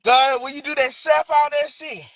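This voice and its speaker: A man's voice: extremely high pitch, steady tone, normal speed, a bit bright, dry recording. A man hosting a casual livestream from outdoors by a house, talking loosely to viewers, calling them baby and boo, and drawing out a sing-song catchphrase. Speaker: livestream host.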